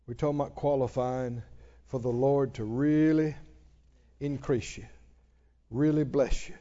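A middle-aged male pastor preaching a sermon, emphatic and rising to loud exclamations. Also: mid-range voice, lo-fi sound.

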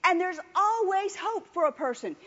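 A woman's voice: very high voice, expressive, normal speed, fairly bright tone. A woman preaching a sermon with emphatic repetition, calling on the congregation to answer. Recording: dull lo-fi recording.

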